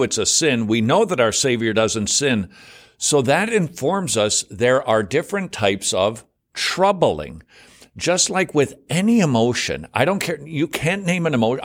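A middle-aged man, a guest author on a ministry interview, explaining his points in a lively conversational way and breaking into mocking high-pitched voices. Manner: animated, acts out worried voices with sudden high pitch jumps.

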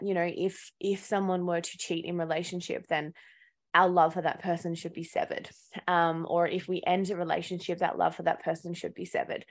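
A woman, possibly, hosting a solo podcast, talking in a candid, earnest way with casual swearing and frequent laughs. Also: mid-range voice. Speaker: podcast host. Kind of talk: reflective solo podcast talk.

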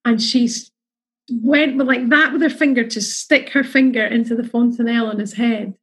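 A woman's voice: fairly high pitch, steady tone, normal speed, slightly rough, low-quality recording. A middle-aged woman, chatting emotionally about her experiences as a mother and acting out the voices of the people in her story. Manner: chatty, emotional, acts out quotes. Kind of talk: casual storytelling.

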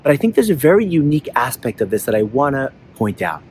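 A man's voice: mid-range voice, sing-song, quick pace, darkish tone, slight background noise. A man hosting an inspirational talk outdoors, telling a story in an earnest way and acting out the voices in it. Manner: earnest storyteller who acts out voices in the tale. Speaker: host of an inspirational talk show.

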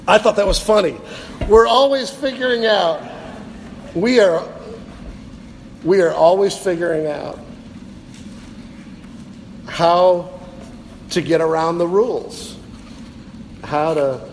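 Earnest male preacher, high voice, emphatic repetition, long hall reverb. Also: slow pace, long pauses, slight background noise. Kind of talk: sermon. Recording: reverberant hall, faint ambience.

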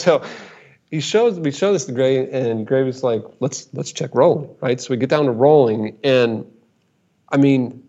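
A man's voice: medium pitch, moderate pace. A man talks through a story as the guest expert in a casual conversation. He repeats himself as he builds up each point and slips into the voices of people he quotes. The sound is muffled and lo-fi. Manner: animated, repeats words, acts out quotes.

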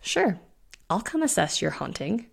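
A woman's voice: medium pitch, sing-song, a little slow, vocal fry, slightly rough, full character voice. A woman reading the part of a laid-back young vampire woman with dry, unbothered talk. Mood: offhand.

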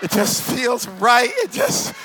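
A man voicing a giddy young woman friend who has just got engaged, in a squealing high falsetto and gushing, breathless manner. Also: wildly swooping pitch, slow pace, sharp tone, slightly rough, heavily acted.

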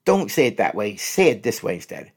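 A man working as a relationship counselor, giving advice and acting out example phrases, repeating each one twice in an animated way. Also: on the low side, fairly quick, breathy edge. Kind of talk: advice talk with spoken examples.

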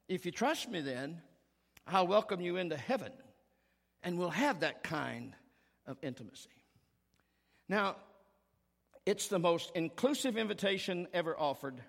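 A man preaching a sermon as pastor, earnest and emphatic, rising to strong peaks and falling to hushed tones. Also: on the high side. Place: church sanctuary. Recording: long reverb of a large hall.

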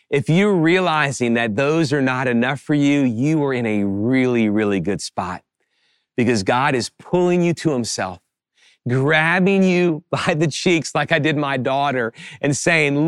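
Male pastor, sermon delivery, mid-range voice, shifts between emphatic and quiet, dry close recording. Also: medium pitch, expressive, normal speed, smooth, no echo. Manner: preaching with rising emphatic passages and quiet asides.

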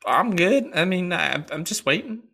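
A man's voice: expressive, normal speed, gravelly, pushed and bright, exaggerated voice. A man voicing a nervous, chatty male horse with a Southern drawl in a tabletop game, rambling and jumpy. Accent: American Southern. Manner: skittish, rambling, high-pitched when startled. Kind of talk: tabletop role-play.

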